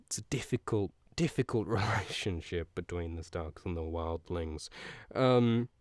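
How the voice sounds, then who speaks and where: Low-voiced man rambling through a profane recap. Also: a little slow, dry recording. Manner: rambling, profane, jokey asides; laughs often mid-sentence. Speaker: podcast host. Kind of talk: casual comedic book recap.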